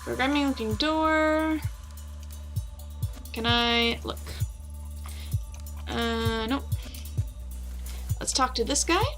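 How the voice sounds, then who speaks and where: A woman with a fairly high voice commentates on a game and reads its dialogue in a playful tone. Faint music plays underneath. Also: steady tone, extremely slow, long pauses, a bit bright. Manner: playful, voices characters while reading. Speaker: let's play host.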